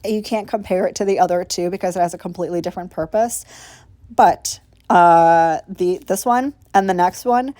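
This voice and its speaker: Clean studio sound with no echo captures a woman's fairly low, dark voice at normal speed. A nail vlogger, she narrates her tutorial in a voiceover made apart from the video, chatting casually, gushing, and swearing as she covers each step.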